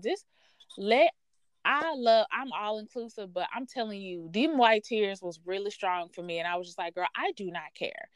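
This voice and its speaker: A woman hosting a podcast, telling a workplace story in a blunt, profane, sassy and animated way. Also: mid-range voice, smooth, dry recording. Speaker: podcast host. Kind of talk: casual storytelling rant.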